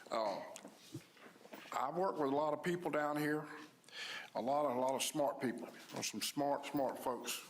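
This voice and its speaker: A man's voice: a little high, moderate pace, pauses often, slight background noise. Man, commissioner at a public meeting, folksy storyteller, plain down-to-earth talk, stops and restarts. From Louisiana.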